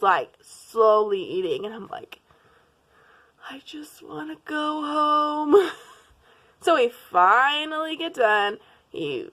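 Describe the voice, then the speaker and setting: A young woman tells a dating story to her vlog viewers, talking in a fairly high voice. She acts out the lines of the people in her story and laughs along the way. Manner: animated, laughing, acts out quotes. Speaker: vlogger. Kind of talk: casual storytime.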